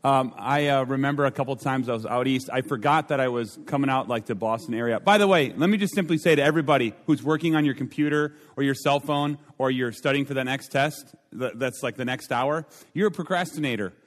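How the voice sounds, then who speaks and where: A young adult man from Minnesota speaking as a chapel speaker, bantering and joking with a student audience in a high-energy comic sermon opener. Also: fairly quick, few pauses. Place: large chapel hall. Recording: long hall reverb.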